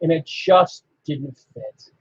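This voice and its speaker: A man with a somewhat high, husky voice, chatting in an easygoing way and giving blunt opinions. The audio is dry and a bit muffled, like a low-fidelity home recording. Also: takes it slowly. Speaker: podcast co-host. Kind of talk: casual fan chat.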